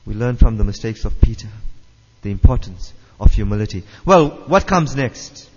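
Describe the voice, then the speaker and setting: A man's voice: lowish voice, expressive, moderate pace, a little mellow, slightly rough. A man preaching a sermon, emphatic, repeating his phrases and putting questions to the listeners. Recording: dull reverberant hall sound.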